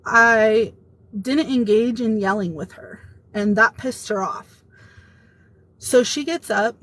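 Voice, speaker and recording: Woman telling an animated workplace story. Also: mid-range voice, poor audio. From Italian heritage. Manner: animated retelling, quoting others. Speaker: former employee telling her story. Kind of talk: casual storytime vlog.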